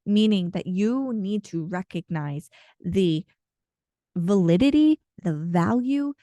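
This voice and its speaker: A woman with a mellow, warm voice talks through a channeled card reading. She speaks casually and earnestly, rambling with plenty of fillers. Her voice sounds close and dry, with no room around it. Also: mid-range voice, expressive, slow pace, no echo. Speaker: intuitive card reader and channeler.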